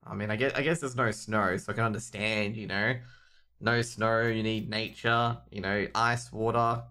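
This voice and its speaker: Bright-voiced Australian esports caster. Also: male voice, lowish voice, steady tone, normal speed. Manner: rambling, joking banter with chat. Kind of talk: live esports commentary.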